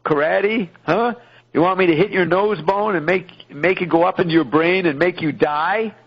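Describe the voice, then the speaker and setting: A man's voice: expressive, quick pace, lo-fi sound. A man voicing a brutal, vicious male federal agent who threatens a prisoner, in a raised, taunting voice. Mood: threatening. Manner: menacing, taunting, raised pitch.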